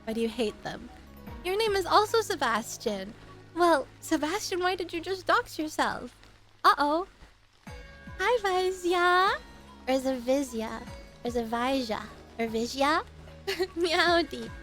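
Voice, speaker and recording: A young woman with a high, light voice chats on a live stream, rambling from one tangent to the next and laughing often. She stops mid-story to greet viewers by name, all over soft background music. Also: lively intonation, unhurried.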